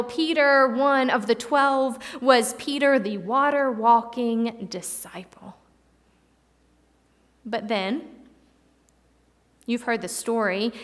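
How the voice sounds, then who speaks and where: A woman preacher giving a reflective sermon with dramatic pauses, in a church hall. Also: a little high, fairly bright tone. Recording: long hall reverb.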